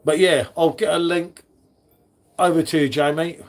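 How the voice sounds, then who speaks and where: A man's voice: on the high side, fairly even intonation, normal speed. A man hosting a casual live stream, chatting with viewers in the chat by name. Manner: chatty, matey, talks to chat readers by name.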